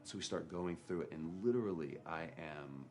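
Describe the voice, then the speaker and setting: A man's voice: low-pitched, moderate pace, a little mellow. A man speaking as an actor, candidly and with self-mockery, as he recalls a hard shoot. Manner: candid, storytelling, self-mocking. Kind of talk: documentary interview.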